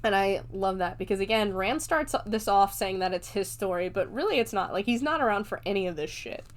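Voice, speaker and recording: A woman's voice: mid-range voice, expressive, fairly quick. A woman hosting a podcast, recapping a film in a chatty, rambling way, swearing casually and laughing often. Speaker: podcast host reviewing a film.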